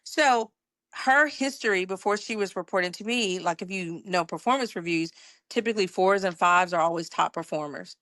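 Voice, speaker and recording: A middle-aged woman from Georgia, a podcast guest telling a workplace story in a lively conversational way. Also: fairly low pitch, a little fast, no echo. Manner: animated, acts out quoted dialogue, laughs while telling.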